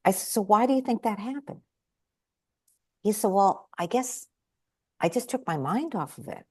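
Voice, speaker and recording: A woman's voice: normal speed, slightly rough. A woman guest telling stories in conversation, animatedly acting out the voices of the people she quotes. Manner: animated, acts out quoted voices with big jumps in pitch. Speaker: guest speaker and trainer. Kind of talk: conversational storytelling.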